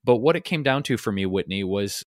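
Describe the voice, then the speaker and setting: Low-voiced man telling a story. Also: a little fast, dry recording, clean studio sound. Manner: relaxed, rambling, many fillers. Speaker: podcast co-host. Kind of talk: casual storytelling.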